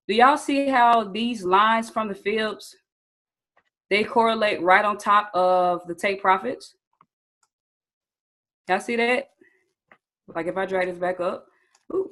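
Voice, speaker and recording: Her voice sits in the middle range with a slight brightness, though the audio is poor. She is a young trading instructor hosting a live online training, chatting casually, calling people "you guys" and "y'all," and often checking in with "okay?" and asking for chat answers.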